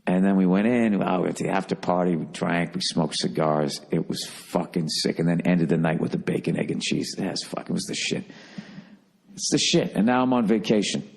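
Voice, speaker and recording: A man hosts his podcast alone in a loose, casual monologue. He swears freely and leans hard on his words as he tells a story. His voice sits a little low. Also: a little fast, vocal fry, hardly any pauses. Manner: profane, emphatic storytelling. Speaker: podcast host.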